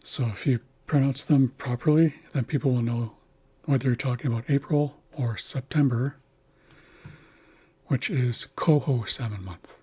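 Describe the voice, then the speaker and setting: In a livestream language lesson, a man speaks slowly and carefully, repeating words to demonstrate pronunciation. His voice is medium-pitched, darkish and husky.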